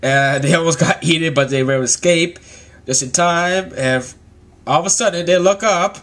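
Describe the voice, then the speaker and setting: A man's voice: on the high side, normal speed, fairly bright tone. A man casually recapping a manga chapter, rambling, swearing and laughing often.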